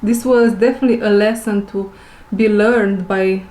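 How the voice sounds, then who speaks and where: A woman who speaks English as a second language, giving an intuitive spiritual reading to her viewers. She talks slowly, repeats her phrases and searches for words. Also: medium pitch, fairly even intonation, darkish tone, roomy sound. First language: not English. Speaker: intuitive reader.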